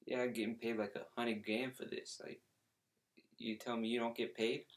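A man's voice: mid-range voice, little pitch movement, moderate pace, lightly acted. A man voicing a brash, rich male football fan with a put-on New York accent, boasting and brushing people off during a comedy phone-call skit. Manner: boastful, dismissive, rambling with fillers.

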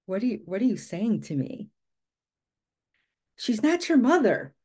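A woman's voice: a little high, sing-song, a little slow, a little mellow, breathy edge. A woman in her forties telling a personal story to an audience in an earnest, emphatic way, often asking rhetorical questions. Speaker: guest speaker.

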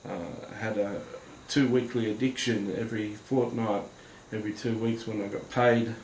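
Man, lowish voice, earnest halting testimony to camera, roomy echo. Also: flat delivery, a little mellow. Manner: halting and earnest, many pauses and fillers. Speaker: Christian testimony speaker. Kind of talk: personal testimony addressed to viewers. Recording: roomy echo with faint background noise.

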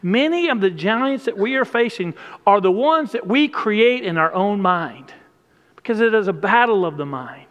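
A man delivers a sermon from the pulpit, his fairly high voice rising on emphatic, repeated phrases. The sound carries the long reverb of a church sanctuary. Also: lively intonation, normal speed, fairly bright tone, dull audio. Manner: emphatic, repetitive preaching cadence. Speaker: pastor.

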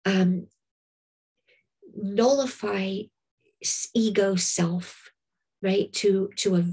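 A woman giving a reflective spiritual Torah class, often pausing with "um" and checking in with "right?". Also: medium pitch, fairly even intonation, darkish tone, husky. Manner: reflective, with many fillers and repeated "right?". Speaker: Torah teacher.

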